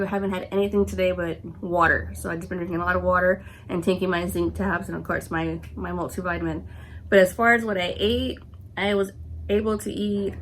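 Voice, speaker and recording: A woman's voice: medium pitch, a little hiss or hum. A woman in her forties, sick and congested, telling a long casual story to camera with lots of "I'm like" and acted-out quotes. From California, USA. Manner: chatty, retells scenes with "I'm like" and quoted reactions. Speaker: vlogger.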